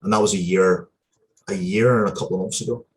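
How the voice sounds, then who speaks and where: Male interview guest, low voice, sincere and emotional storyteller with a halting delivery. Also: steady tone. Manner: earnest, heartfelt, with frequent hesitations and restarts. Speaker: interview guest, comic book writer.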